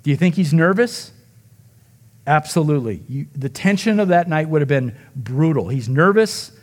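Man, pastor, sermon, fairly high voice, dramatic storytelling, acts out quotes, hushed emotional moments. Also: animated, normal speed.

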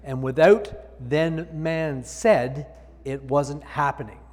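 A man's voice: on the high side, steady tone, slow pace, darkish tone, in a large hall. A male pastor preaching a sermon, reading scripture aloud and explaining it with emphatic repetition.

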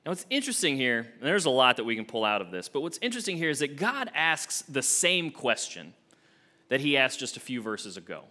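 A young adult man, an associate minister, preaching a sermon with expressive swings from emphatic to hushed. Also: mid-range voice, a little fast.

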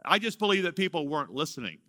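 A pastor in his fifties preaches emphatically, dramatically drawing out key words and acting out the story's dialogue. His voice sits on the high side, pushed and bright, with big pitch swings and a quick pace. The recording is dry, with clean studio sound.

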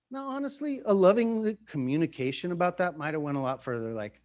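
A middle-aged man preaching in a relaxed, conversational way, joking and laughing at himself often. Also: sits high, fairly quick, hardly any pauses. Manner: playful, self-mocking, jokes and laughs often. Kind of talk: conversational sermon.

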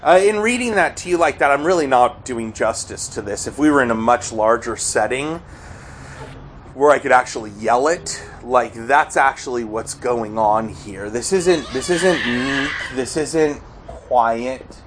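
A man preaching a sermon, earnest, often crying out quoted pleas loudly. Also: medium pitch, a little slow, slight background noise, rough recording. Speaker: pastor.

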